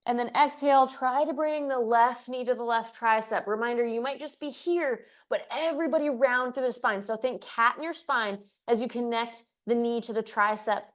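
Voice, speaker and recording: A fairly high-pitched woman instructs a live yoga class at a moderate pace with few pauses. She calls the poses in step with the breath, throws in light, laughing asides, and sounds breathless from the exertion.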